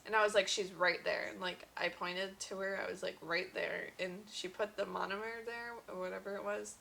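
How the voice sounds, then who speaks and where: Young woman chatting away, bright voice with a bit of fry, lots of "like"s. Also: mid-range voice, little pitch movement, brisk, slight background noise, rough recording. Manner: chatty, many fillers and quoted dialogue. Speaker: vlogger. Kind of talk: casual storytelling.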